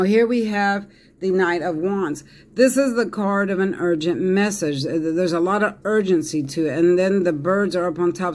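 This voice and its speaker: Giving a relaxed tarot reading, a man speaks with emphasis, repeating himself amid fillers and false starts. His voice sits high, with a darkish tone.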